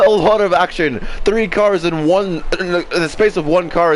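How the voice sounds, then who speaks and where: A man commentating an online racing game, excitable and tripping over his words. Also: sits high, normal speed, hardly any pauses, slight background noise. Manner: excitable, stumbles and repeats words. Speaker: race commentator.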